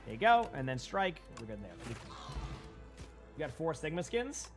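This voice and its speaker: Chatty Boston streamer, slightly high voice. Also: male voice, big pitch swings, moderate pace, faint music behind. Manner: casual, rambling, chatting with viewers. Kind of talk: live-stream gameplay commentary. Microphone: headset.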